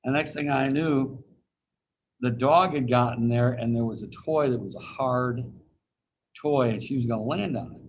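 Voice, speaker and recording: Speaking at normal speed in a mid-range voice, a man gives an informal anatomy lecture over video, folksy and anecdotal, imitating the people he quotes. The background is noisy and the highs are cut off.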